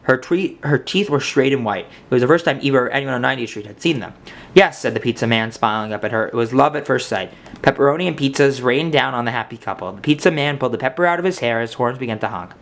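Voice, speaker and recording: A man reading a picture book aloud as narrator, with animated, expressive storytelling. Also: medium pitch, fast, creaky.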